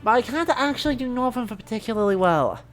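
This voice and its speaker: A woman's voice: a little high, animated, fast, soft background music. A woman streamer talking casually while playing a game, in a chatty, rambling way that keeps correcting itself. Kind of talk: casual gaming stream commentary.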